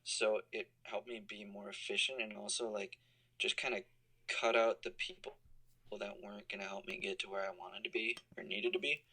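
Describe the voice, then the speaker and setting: With little pitch movement and a sharp tone, this fairly low-voiced man speaks at a moderate pace as an alumni guest on a call recording. In his thirties and working as a college compliance officer, he answers interview questions thoughtfully with many fillers over rough audio.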